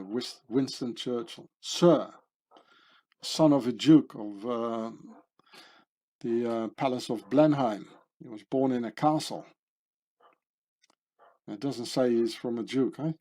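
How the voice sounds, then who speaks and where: A man's voice: medium pitch, dark tone. A man giving casual commentary as he reads through a list of names, musing and rambling, trailing off with fillers and correcting himself. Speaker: video commentator.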